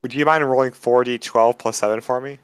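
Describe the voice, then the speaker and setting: A man's voice: medium pitch, fairly even intonation, fairly quick, smooth, no echo. A man playing a tabletop game, politely asking careful rules questions. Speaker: player. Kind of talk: casual tabletop game chat.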